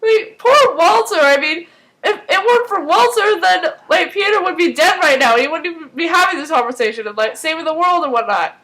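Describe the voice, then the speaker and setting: A woman with a bright, high voice talks through a TV episode in a loose, casual recap. She rambles, trips over her words and stacks up fillers. She turns animated and emotional when reacting to the story. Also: brisk, low-quality recording. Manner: rambling, filler-heavy, with many restarts; animated and emotional, swinging between excitement and mock dismay. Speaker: fan recap vlogger.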